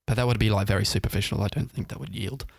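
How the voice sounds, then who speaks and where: A man's voice: fairly low pitch, rapid-fire, gravelly, dry recording, clean studio sound. A man co-hosting a casual film review podcast, retelling scenes in a rambling way full of fillers and laughing as he goes. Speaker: podcast co-host.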